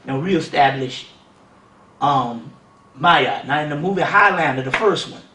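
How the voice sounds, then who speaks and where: A man delivers a seminar lecture in a lively, conversational way, often asking the audience if they follow. His voice sits high and sounds bright and sharp. The recording is roomy, and the mic is set back from him. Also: unhurried, recorded from a distance. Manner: animated, keeps asking "you see what I'm saying".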